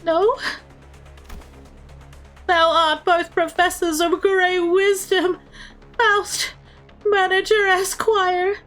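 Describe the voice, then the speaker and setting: A woman's voice: extremely high pitch, little pitch movement, very slow, pauses often, fairly bright tone, faint music behind, pitched above the performer's own voice, full character voice. A woman voicing an earnest, dramatic young female knight who speaks in old-fashioned, theatrical words. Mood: pleading. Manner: archaic, theatrical, exclaiming.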